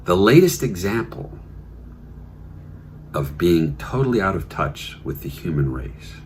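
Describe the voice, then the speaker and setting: A man's voice: low-pitched, very animated, measured pace, slight background noise. A man hosting a comedic news podcast, sardonic and fond of slipping into silly voices. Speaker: podcast host.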